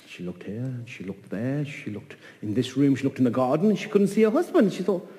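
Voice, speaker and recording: A man telling a folk tale in an animated way, repeating phrases and voicing the characters. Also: mid-range voice, a little fast, long reverb tail. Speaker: storyteller. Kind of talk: oral folk-tale storytelling.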